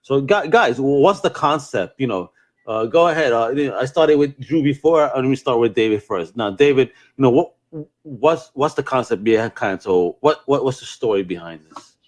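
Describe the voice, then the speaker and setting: Animated excitable male host. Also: mid-range voice, moderate pace. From Latin America. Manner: animated, excitable, stumbling restarts. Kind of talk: casual interview chat. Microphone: video call.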